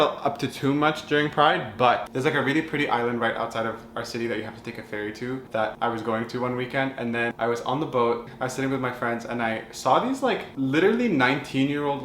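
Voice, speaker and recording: Young dude doing a storytime vlog, sassy and chatty, echoey room. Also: male voice, mid-range voice, a little hiss or hum. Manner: chatty, campy, expressive storyteller. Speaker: vlogger. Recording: echoey room with faint ambience.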